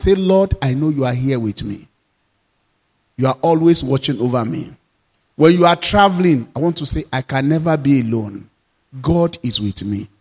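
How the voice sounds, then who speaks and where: A man, a pastor, preaching a sermon, repeating phrases and leading the congregation in call-and-response, moving between loud declarations and quiet asides. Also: medium pitch, animated, normal speed, slightly rough, in a large hall.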